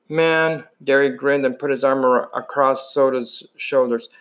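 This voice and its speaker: A man's voice: mid-range voice, fairly even intonation, a little slow, hardly any pauses, a bit bright. A man reading a novel chapter aloud in a plain voice, with frequent slips and restarts. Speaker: reader.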